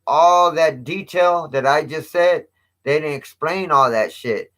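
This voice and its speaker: A man's voice: on the high side, measured pace, a bit bright. A man casually retelling a story in street slang with heavy cursing, raising his voice when quoting others. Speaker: channel host. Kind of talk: casual storytelling to a live chat.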